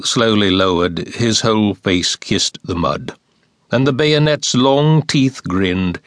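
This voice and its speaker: Man reading poems for an audiobook, low-ish voice, really slow and solemn, dry studio sound. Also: dry recording. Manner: slow, measured, solemn recitation. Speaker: audiobook narrator. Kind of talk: scripted poetry reading.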